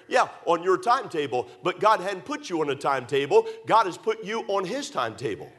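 A man's voice: sits high, big pitch swings, brisk, hardly any pauses. Emphatic man preaching. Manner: emphatic, repetitive, swings between loud pleading and hushed asides. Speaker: pastor. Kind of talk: sermon.

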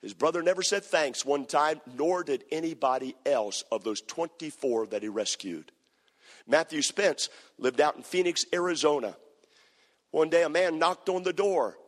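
Impassioned preacher in a reverberant hall. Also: male voice, a little high, normal speed. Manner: impassioned, repetitive, rising to shouted climaxes. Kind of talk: sermon storytelling.

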